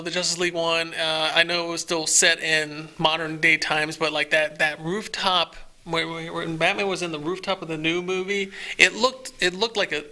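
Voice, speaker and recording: A man co-hosting a casual podcast chat about movies and comics, rambling and halting with many restarts. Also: on the high side, bright, forceful tone. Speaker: podcast co-host.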